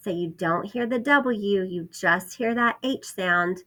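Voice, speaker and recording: Slow, bright-voiced first grade teacher woman. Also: medium pitch. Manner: slow, stretched-out sounding of letters and words. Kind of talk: phonics lesson for young children.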